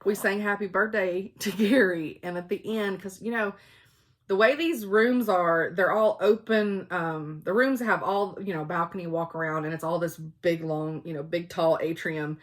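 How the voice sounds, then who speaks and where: A woman's voice: lowish voice, steady tone, moderate pace. Chatty woman telling stories. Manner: chatty and loud, laughs often. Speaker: cross-stitch vlogger. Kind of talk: casual storytelling chat.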